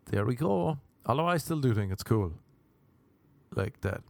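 A man's voice: mid-range voice, expressive, measured pace, vocal fry, dry recording. A young Irish man hosting a podcast, telling crude, rambling stories in a casual monologue. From Ireland. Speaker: podcast host.

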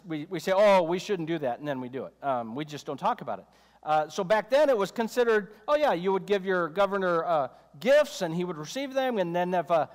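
A man with a high voice preaches a sermon in a relaxed, chatty way. He breaks into joking asides and acts out the voices he quotes. His voice rings out through a hall with a long reverb. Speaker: pastor.

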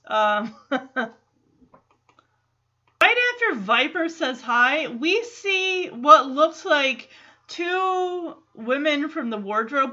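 A woman's voice: sits high, pushed and bright. A woman hosting a podcast who recaps a sitcom episode in a chatty way, laughs often and acts out the lines she quotes. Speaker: podcast host. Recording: muffled lo-fi recording.

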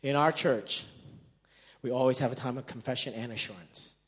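A man preaching a sermon as pastor, telling stories in an animated way and acting out the dialogue, swinging between loud bursts and quiet stretches. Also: medium pitch, normal speed. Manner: animated storytelling, acting out quoted dialogue with big swings in loudness.

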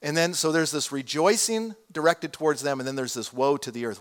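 Animated man preaching. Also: a little high, moderate pace. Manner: animated, conversational preaching with asides to the congregation. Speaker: pastor. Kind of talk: sermon.

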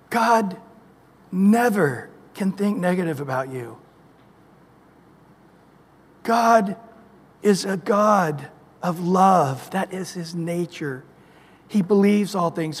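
Male preacher with a high voice, animated sermon delivery, recorded in an echoey hall. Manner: animated storytelling with scripture citations.

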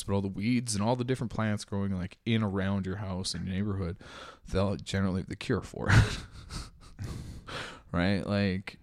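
A man's voice: on the low side, a little mellow, no room sound, clean studio sound. A man telling wild stories in casual chat as a podcast guest, laughing often and swearing as he acts out the other people. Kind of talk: casual storytelling.

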